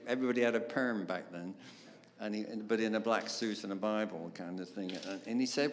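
An older man, a songwriter telling his story in an interview, animated and laughing, with many fillers. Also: medium pitch, normal speed. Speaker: guest songwriter. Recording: roomy reverb, faint background noise.

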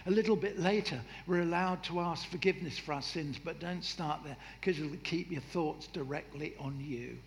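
A man preaching a sermon in a lively, humorous way, acting out voices and jokes. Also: a little high, normal speed, gravelly, few pauses. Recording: echoey hall with faint noise.

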